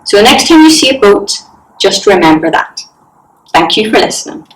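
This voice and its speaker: A woman telling a Bible story to young children in a soft, coaxing way. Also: medium pitch, very animated, moderate pace, roomy sound. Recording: distant mic.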